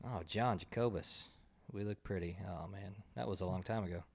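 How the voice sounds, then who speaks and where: A man in his thirties with a fairly low voice, co-hosting a casual podcast. He ribs his co-host in relaxed, easygoing banter. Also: normal speed, creaky.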